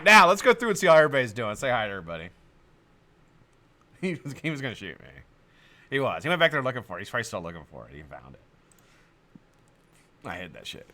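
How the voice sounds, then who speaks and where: Animated, bright-voiced male stream host. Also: lowish voice, normal speed, pauses often. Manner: animated, profane, laughs often. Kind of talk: casual storytelling to a live chat.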